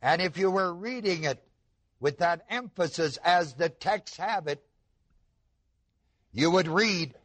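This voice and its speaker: Slow, high-voiced male preacher. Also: expressive, fairly bright tone, dry recording. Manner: slow, emphatic preaching with rhetorical questions to the audience. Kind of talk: sermon.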